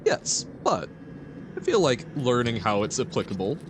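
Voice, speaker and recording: A man's voice: medium pitch, huge pitch swings, moderate pace, noisy background. A man streaming a video game, chatting casually and reading chat aloud with frequent giggles. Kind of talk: casual gameplay commentary.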